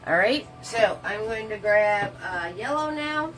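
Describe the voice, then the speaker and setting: A woman's voice: mid-range voice, animated, measured pace, a bit bright, faint music behind, poor audio. Chatty woman teaching a painting class. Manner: chatty, answers viewer comments while painting; casual, loose step-by-step instructions. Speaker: painting instructor. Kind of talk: live painting tutorial.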